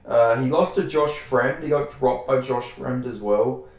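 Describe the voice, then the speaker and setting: Aussie guy rambling thru fight picks, repeats himself a lot, swears, mid pitch, super echoey room. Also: a little slow. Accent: Australian. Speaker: MMA fight predictions host. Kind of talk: casual fight predictions.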